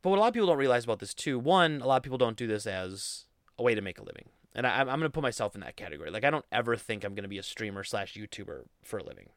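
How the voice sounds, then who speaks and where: A man's voice: fairly low pitch, lively intonation, very fast, no room sound. A young man hosting a casual solo podcast, rambling in a goofy, self-deprecating way into a studio mic. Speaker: podcast host.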